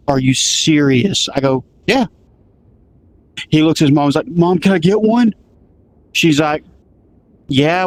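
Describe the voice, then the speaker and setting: A man's voice: a little high, slight background noise. Rambling man telling a road-trip story. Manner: rambling, restarts often, acts out quoted dialogue. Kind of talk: casual storytelling.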